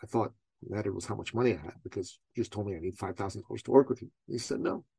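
A man's voice: fairly low pitch, racing, creaky, warm tone, slightly rough, dry recording. A middle-aged man from Iran, a guest telling a motivational story in conversation, emphatic and full of rhetorical questions. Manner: streetwise, calls the host "bro".

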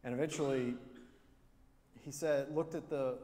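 A man's voice: medium pitch, normal speed, pauses often, mellow, slight background noise. Male pastor preaching in a reverberant church. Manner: earnest storytelling, repeats key phrases. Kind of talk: sermon. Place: church sanctuary.

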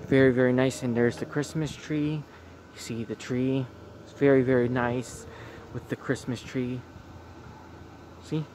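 A man at an ordinary pitch talks softly into a phone outside at night, repeating the same warm little phrases as he films. Faint outdoor noise and passing cars sit behind him. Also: level tone, measured pace. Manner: repetitive, gentle, keeps saying very very nice. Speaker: vlogger. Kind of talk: casual vlog tour.

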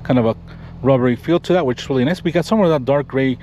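A man's voice: medium pitch, fast talker, warm tone, a little hiss or hum. A man giving a casual, enthusiastic walkaround review of a pickup truck, pointing out features as he goes. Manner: casual, enthusiastic, talks while pointing things out. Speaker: car reviewer. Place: around and inside a pickup truck.

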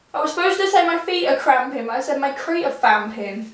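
A woman's voice: sits high, lively intonation, a little fast. A young woman vlogging in a rambling, giggly, self-mocking way, talking to a camera on a tripod in a small room. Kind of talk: casual chat to camera. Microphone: camera on a tripod a few feet off. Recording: echoey room, voice from the camera's distance.

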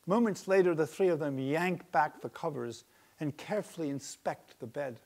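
A man reading aloud from his own book of fables, deliberate and relishing the words. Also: fairly high pitch, animated, gravelly, darkish tone. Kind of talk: storybook narration.

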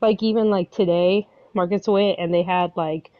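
A woman's voice: on the low side, steady tone, moderate pace. A woman, tired and teary, chatting as a guest and rambling through stories with lots of fillers. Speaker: guest on a stream. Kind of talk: casual chat. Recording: dull lo-fi audio.

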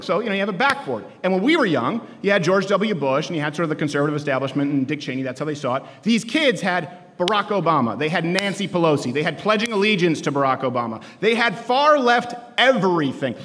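A man in his thirties giving a joking, sarcastic campus speech to students, shouting his punchlines. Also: sits high. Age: 30s. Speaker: political commentator speaking to students. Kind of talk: stand-up style campus speech. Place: large lecture hall with a live audience. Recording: echoey hall, live crowd.

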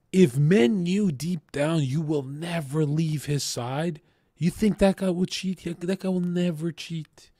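Crude ranting young man, slow and dry. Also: fairly high pitch, darkish tone, dry recording. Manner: crude, profane, emphatic. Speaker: streamer. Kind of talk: ranting livestream commentary.

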